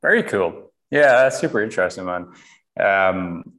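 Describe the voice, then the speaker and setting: A man hosting a casual interview, asking relaxed, rambling questions. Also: low-pitched, normal speed, poor audio. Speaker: podcast host.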